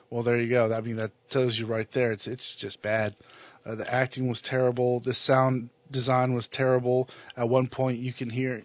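Blunt male podcast host, casual halting delivery, dry recording. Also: medium pitch, no echo. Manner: blunt, halting with frequent fillers. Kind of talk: casual solo podcast review.

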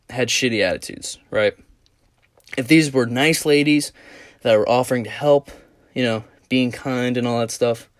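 A man's voice: mid-range voice, dry recording, clean studio sound. A tired young man hosting a solo podcast, rambling through tangents and swearing casually. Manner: rambling, profane, tangent-prone. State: tired, yawning. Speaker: podcast host.

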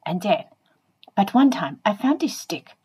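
A woman's voice: mid-range voice, big pitch swings, a little slow, a little mellow, slightly rough, exaggerated voice, low-quality recording. A woman voicing a playful, chatty pet dog, speaking straight to the listeners in a comic monologue.

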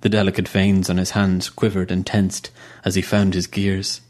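A man narrates a science-fiction story in a steady, even manner. His voice sits somewhat low. It is a calm, scripted audiobook reading. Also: moderate pace.

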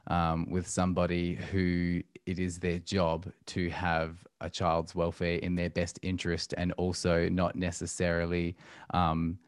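A man's voice: low voice, completely flat delivery, measured pace, smooth, dry recording, studio quality. A man, talking about family life as a podcast guest in a reflective, hesitant way full of ums. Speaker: podcast guest, musician and homeschooling parent. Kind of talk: casual interview talk.

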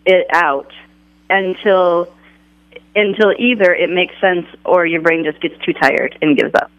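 A man being interviewed as an author, speaking haltingly with lots of fillers as he thinks back. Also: high-pitched, fairly even intonation, fairly bright tone, dry recording, muffled recording. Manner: halting, many fillers, thoughtful. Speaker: author guest. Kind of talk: conversational interview.

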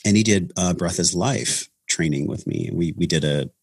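A man's voice: deep voice, normal speed, creaky, husky, dry recording, clean studio sound. A man talking earnestly about his path into breath work in a casual podcast conversation, with many restarts. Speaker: breathwork facilitator, podcast guest.

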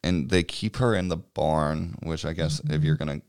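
A man's voice: extremely low pitch, steady tone, normal speed, a little mellow, smooth, no echo, studio quality. A man chatting casually, recapping a movie at a meandering pace, swearing and chuckling as he goes. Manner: rambling and swears freely, chuckling while recapping.

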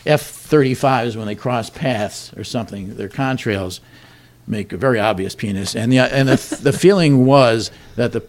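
A man hosting a comedy talk show, reading joke headlines and bantering in a dry, wry way. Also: medium pitch. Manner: dry, wry delivery with chuckles.

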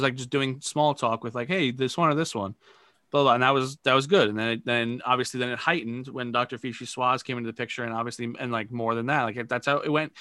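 Male improv teacher, casual, rambling explainer; bright forceful tone, dry recording. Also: medium pitch, no echo. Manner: rambling explanations, many restarts. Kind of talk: casual improv practice chat.

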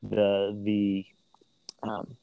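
A man in his twenties co-hosting a podcast, talking in a relaxed, halting way with many restarts. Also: on the low side, gravelly, dry recording, narrow, tinny audio. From Midwestern United States. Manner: relaxed, halting, repeats words. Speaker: podcast co-host. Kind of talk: casual chat. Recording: dry close sound.

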